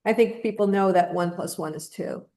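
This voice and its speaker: A woman's voice: mid-range voice, moderate pace, mellow. A woman co-hosting a casual opinion chat, talking in a blunt, emphatic, indignant way. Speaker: podcast co-host.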